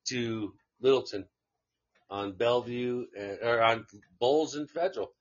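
Speaking at a measured pace in a mid-range voice, a man spins a rambling live-stream story full of swearing and laughs. The audio is dull.

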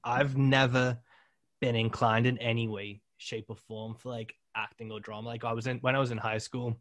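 A man's voice: mid-range voice, moderate pace, no echo. Man hosting a podcast, dry sound. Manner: relaxed, lots of "like" and short agreements. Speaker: podcast host, musician. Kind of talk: casual interview chat.

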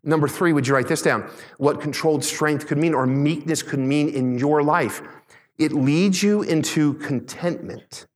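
A man preaching a sermon as pastor, emphatic, slowing on key words and asking the congregation questions. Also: fairly high pitch. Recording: long reverb in a large hall.

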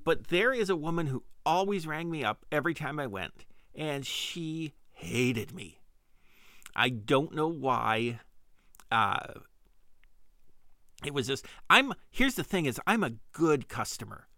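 Rambling middle-aged man, bright dry voice. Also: fairly high pitch, lively intonation, slow, no echo. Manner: rambling, self-deprecating, frequent restarts. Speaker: podcast host. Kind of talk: casual comedic monologue.

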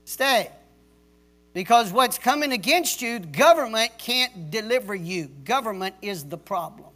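Forceful, stern male pastor preaching. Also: sits high, animated, moderate pace. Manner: emphatic, repeats key words for stress; stern, drill-sergeant tone. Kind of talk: sermon. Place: church service.

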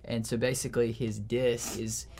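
A man's voice: mid-range voice, level tone, moderate pace, darkish tone. A man talking as a guest in a casual interview, easygoing and thinking aloud. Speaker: guest on a gaming podcast.

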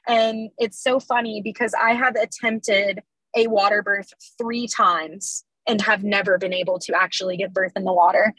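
A woman's voice: medium pitch, fairly bright tone, husky, no echo, low-quality recording. A woman working as a midwife, telling her own birth story in an emotional, heartfelt way with many fillers and restarts. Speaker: traditional midwife, guest.

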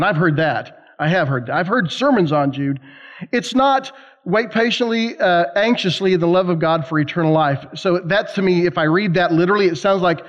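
A man preaching a sermon to college students, telling stories in an animated, emphatic way with conversational asides. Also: high-pitched, normal speed. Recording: slightly dull lo-fi sound.

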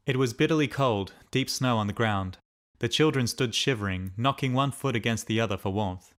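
A man narrating a diary as an audiobook in a steady, measured reading. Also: medium pitch.

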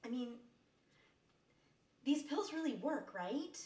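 A woman's voice: high voice, very animated, slow pace, mellow, far from the mic, full character voice. An actress playing a worried, earnest young woman who apologizes and seeks reassurance. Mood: anxious. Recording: roomy stage heard from afar.

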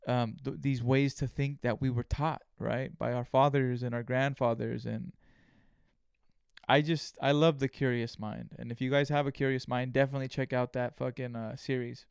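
A man's voice: mid-range voice, moderate pace, creaky, clear, resonant tone, dry recording, clean studio sound. A young man hosting a solo podcast, telling stories with heavy swearing and acting out his own thoughts. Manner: profane, animated storytelling, acts out his own inner voice. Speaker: podcast host.

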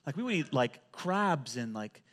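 A male pastor preaching a sermon, telling animated stories and often repeating words as he goes. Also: mid-range voice, measured pace.

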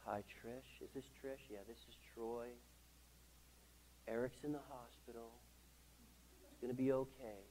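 A man imitating his mild-mannered male boss, speaking very softly and gently during a sermon. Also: medium pitch, fairly even intonation, measured pace, long pauses, a little hiss or hum, natural voice, low-quality recording. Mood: soothing. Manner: very soft, gentle and quiet.

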